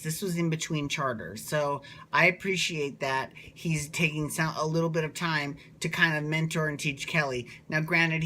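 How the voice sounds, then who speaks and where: A man's voice: on the high side, pushed and bright. A man chatting in a casual, gossipy way as he recaps a TV show, swearing freely. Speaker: TV recap vlogger.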